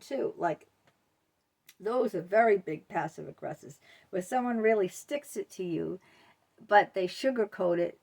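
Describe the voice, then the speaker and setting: Rambling, gravelly-voiced woman vlogger. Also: mid-range voice. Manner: rambling, full of ums and you-knows. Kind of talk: casual talk to camera.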